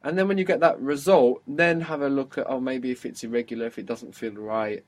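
A man's voice: mid-range voice, fairly even intonation, fairly quick. Patient male language teacher. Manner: patient, encouraging, explains step by step. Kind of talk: spoken language lesson.

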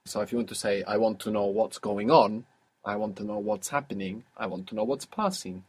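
A husky-voiced man leads a guided language lesson. He explains things patiently and step by step, and keeps quizzing his student as he goes. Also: on the low side, animated, brisk, darkish tone. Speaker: language teacher.

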